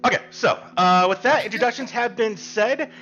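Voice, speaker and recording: Heard over a muffled voice call with soft music in the background, a man acts as game master for a tabletop game, giving a rambling, comforting rules explanation and some narration. His voice is high-pitched and sharp-toned, at a moderate pace.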